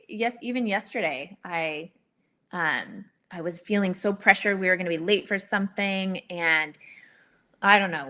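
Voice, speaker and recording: A woman's voice: medium pitch, pushed and bright. A middle-aged woman, a guest in a casual interview, talking in an earnest, candid way and telling stories with animation.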